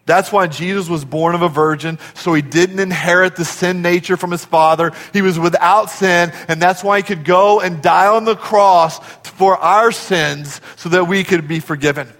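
A man preaching a sermon as a pastor. He swings from shouts down to whispers and urges the congregation to answer him aloud. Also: high-pitched, fairly even intonation, normal speed, hardly any pauses, in a large hall. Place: church sanctuary.

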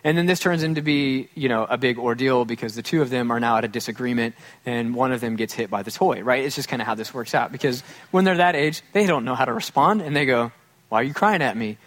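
A man's voice: mid-range voice, fast talker, a bit bright. A male pastor preaching a conversational sermon, with self-deprecating humor, who often acts out quoted voices.

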